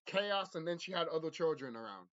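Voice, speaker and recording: Lively rambling man, dull lo-fi audio. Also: a little high, brisk. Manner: intense, profane, repetitive, restarts often. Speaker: vlogger. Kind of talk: rambling spiritual monologue.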